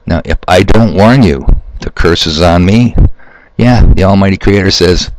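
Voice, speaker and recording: A man's voice: low voice, normal speed, a little hiss or hum, rough recording. A man hosting his own video, talking off the cuff to his viewers in a rambling, sarcastic, preachy way. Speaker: video host. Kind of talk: improvised monologue to viewers.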